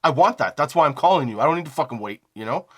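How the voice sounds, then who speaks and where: With a husky, somewhat high voice and rapid-fire delivery, a young comedy podcast host tells a meandering, foul-mouthed story about himself. He keeps cracking himself up and vividly reenacts phone conversations.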